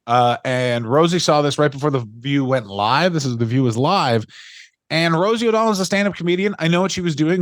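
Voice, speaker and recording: A man's voice: a little high, no room sound, clean studio sound. A man co-hosting a podcast in casual chat, ranting and swearing as he mocks people in put-on voices. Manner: profane, ranting, mocking voices. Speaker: podcast co-host.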